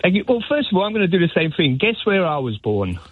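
A man's voice: high-pitched, sing-song, fast talker, husky, no room sound. A Scottish-born man calling in to a radio phone-in, friendly and chatty as he tells his story. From Scotland. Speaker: caller. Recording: tinny phone line.

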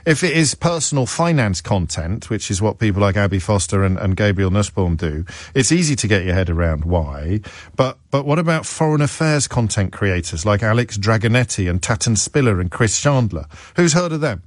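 Radio host guy thinking out loud, a bit wry, lowish voice, dead dry studio sound. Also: very animated, normal speed, no echo. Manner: musing, self-questioning, wry. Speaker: radio talk show host. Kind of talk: talk radio monologue. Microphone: studio microphone.

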